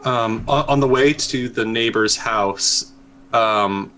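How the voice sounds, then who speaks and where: Bright-voiced man playing a tabletop game. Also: mid-range voice, slow, slight background noise, poor audio. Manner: hesitant, many fillers and restarts. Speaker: player.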